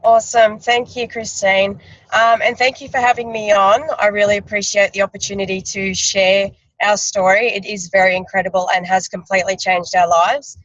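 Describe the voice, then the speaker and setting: A woman guest on a video call telling a personal family story, speaking haltingly with many pauses. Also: medium pitch, little pitch movement, a bit bright, no room sound. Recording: dull, dry video-call audio.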